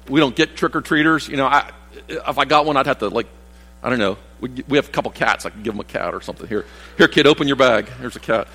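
A pastor in his sixties gives a meandering, conversational sermon full of asides and false starts. His pitch is fairly high and his tone fairly bright, and a church hall's long reverb surrounds him.

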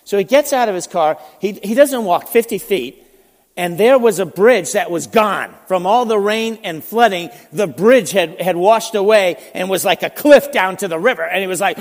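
Male pastor, high lively voice, chatty sermon, long church-hall reverb. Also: moderate pace. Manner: animated, conversational, frequent restarts. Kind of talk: sermon storytelling.

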